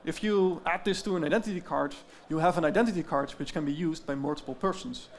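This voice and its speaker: A man, a startup founder, giving an explanatory conference presentation with casual fillers and asides. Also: high-pitched.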